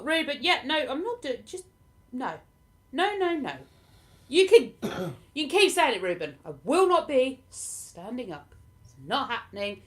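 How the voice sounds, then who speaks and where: A woman from southern England with a southern English accent tinged with Lincolnshire, a livestream host chatting casually with viewers, self-deprecating and laughing often. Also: on the high side. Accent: southern English, partly Lincolnshire. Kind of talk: casual live chat answering viewer comments.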